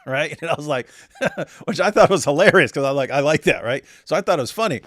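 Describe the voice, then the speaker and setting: A man hosts a casual reaction commentary, rambling through stories full of jokes and sarcasm. His voice is on the high side and fairly bright, with lively intonation and a fairly quick pace. The clean studio recording has no echo.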